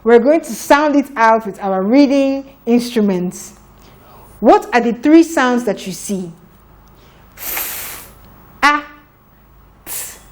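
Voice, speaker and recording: A woman teaching a children's phonics lesson, sounding out letters slowly and deliberately. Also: fairly high pitch, lively intonation, darkish tone.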